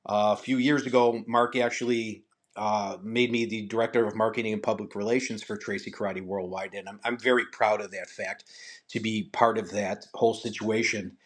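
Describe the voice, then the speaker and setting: A man's voice: fairly low pitch, moderate pace. Older man telling martial arts stories. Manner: animated storyteller, acts out quotes, repeats words. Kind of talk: casual storytelling interview.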